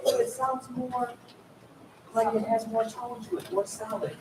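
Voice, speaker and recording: A man's voice: sits high, normal speed. A man leading a student choir rehearsal, coaching singers and demonstrating vocal sounds in an encouraging way. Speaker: choir clinician. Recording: echoey room, mic far off, noisy.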